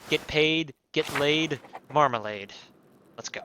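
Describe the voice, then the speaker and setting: A man's voice: fairly high pitch, slow, bright, forceful tone, slight background noise. A man casually commenting on a game he is playing, swearing and joking as he goes. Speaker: streamer.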